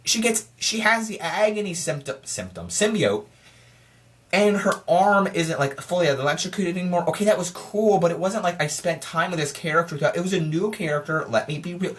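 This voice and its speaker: A film reviewer giving a casual spoiler review, rambling and excitable, often restarting sentences and firing off frustrated rhetorical questions. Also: mid-range voice, normal speed. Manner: rambling and excitable, with frequent restarts and stammered repeats.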